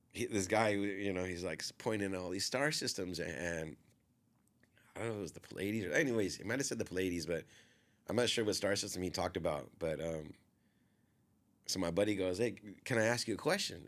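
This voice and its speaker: A man with a somewhat low voice tells a long story in a relaxed podcast conversation. He rambles, fills his sentences with small fillers and keeps quoting what other people said. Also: moderate pace. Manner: rambling, filler-heavy, often quotes others.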